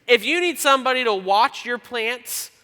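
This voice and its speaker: Bright-voiced pastor in a reverberant hall. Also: male voice, very high voice, expressive. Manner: conversational and self-deprecating, reads scripture slowly. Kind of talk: sermon. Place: church auditorium. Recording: long church hall reverb.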